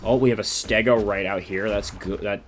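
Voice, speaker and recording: Rambling low-voiced man playing a game. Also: fairly even intonation, moderate pace, slight background noise. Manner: rambling, self-interrupting, chatty. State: sleep-deprived. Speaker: gaming YouTuber. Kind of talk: casual gameplay commentary.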